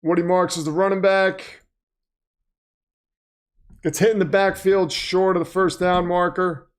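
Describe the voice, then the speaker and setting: Casual male stream host, high clear voice, rambling play-by-play, self-deprecating, erupts with excitement. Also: unhurried. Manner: flustered, self-deprecating, breaks into excited shouts. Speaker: livestream host. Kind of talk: casual livestream commentary.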